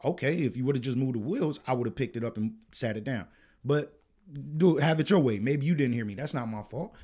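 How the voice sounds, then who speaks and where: A man co-hosting a podcast, telling a work story in casual, profane chat that turns loud and heated. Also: mid-range voice, fairly quick. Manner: animated, profane, gets loud and heated retelling arguments. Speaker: podcast co-host.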